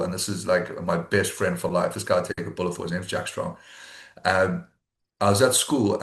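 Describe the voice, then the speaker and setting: Brief: South African guy, low voice, straight-talking, swears, roomy echo. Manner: blunt, swears freely, acts out quoted friends. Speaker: podcast co-host. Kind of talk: casual podcast chat. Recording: echoey room.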